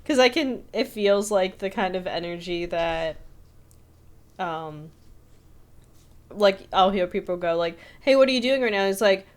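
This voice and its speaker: A woman co-hosting a casual film podcast, chatty and quick to laugh, often quoting lines in a flat, deadpan voice. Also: mid-range voice. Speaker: podcast co-host.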